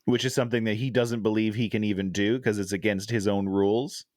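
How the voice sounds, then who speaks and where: A man co-hosting a casual movie podcast, animated and jumping into squeaky high voices when quoting. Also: a little fast, dry recording, clean studio sound. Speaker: podcast co-host.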